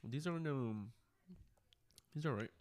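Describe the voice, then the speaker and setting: A man's voice: medium pitch, moderate pace, slight background noise. A man hosting a podcast in casual chat, telling stories animatedly, acting out quotes and swearing freely. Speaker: podcast host.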